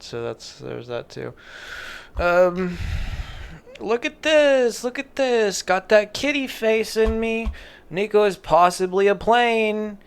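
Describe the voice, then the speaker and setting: A tired vlogger drifts through meme commentary in a flat, low-energy mumble. The pace is slow and unhurried, and the voice sits in a gravelly fry. Underneath, the tone stays smooth and clean. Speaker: vlogger reacting to memes. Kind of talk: casual commentary.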